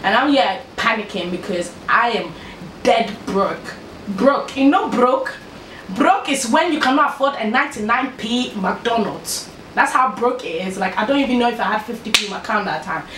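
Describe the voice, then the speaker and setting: A young woman telling a storytime vlog in a lively, slangy way, laughing as she goes. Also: on the high side, moderate pace, noisy background. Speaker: vlogger. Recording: echoey room, distant mic.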